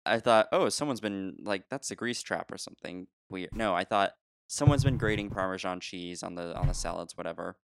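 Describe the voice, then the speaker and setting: A man spins a long anecdote in relaxed chat, laughing as he goes and circling back with restarts. His voice sits low and smooth. The sound is close and dry, with no room around it. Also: fairly quick, no echo. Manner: animated, laughs often, trailing restarts. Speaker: podcast co-host telling a story. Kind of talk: casual storytelling chat.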